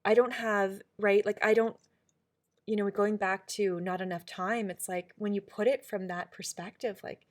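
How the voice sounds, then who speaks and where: A woman's voice: medium pitch, fairly even intonation, normal speed. A middle-aged woman co-hosting a podcast, talking in a casual, reflective way. She is earnest and emphatic, with many restarts and fillers. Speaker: podcast co-host.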